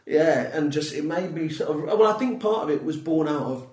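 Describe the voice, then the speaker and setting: A man's voice: fairly high pitch, expressive, moderate pace, darkish tone. A man with a Manchester accent, a comedian chatting candidly as a podcast guest and swearing casually. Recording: echoey room, distant mic.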